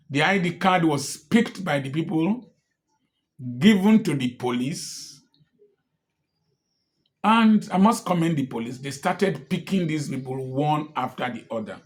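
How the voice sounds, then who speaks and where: Man firing pointed questions. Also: fairly high pitch. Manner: repeated pointed rhetorical questions. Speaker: commentator. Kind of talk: impassioned political commentary.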